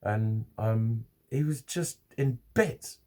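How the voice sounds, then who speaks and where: Guy rambling to camera, swears a lot, keeps restarting, mid pitch. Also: slow, a little mellow. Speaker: vlogger. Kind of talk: casual rambling vlog to camera.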